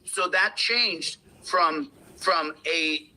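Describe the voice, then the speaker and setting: A man's voice: on the high side, extremely slow, pushed and bright, slight background noise, poor audio. An American man giving an impassioned, lecturing talk on rights, often restarting his sentences. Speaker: commentator on a played clip.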